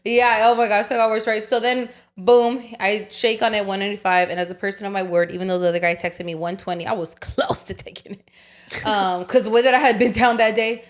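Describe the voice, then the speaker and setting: A young woman co-hosting a podcast, telling a story in casual chat, animated and swearing, acting out the voices of other people. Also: medium pitch, brisk. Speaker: podcast co-host.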